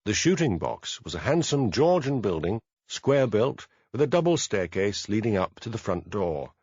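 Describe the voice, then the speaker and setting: Male audiobook narrator, measured, animated pitch, dry dull studio sound. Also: slightly rough, no room sound. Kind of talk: scripted narration.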